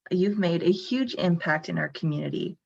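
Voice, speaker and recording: A woman's voice: sits low, fairly even intonation, moderate pace, gravelly, lo-fi sound. A young woman, a social work student, earnestly asking interview questions with a few hesitations.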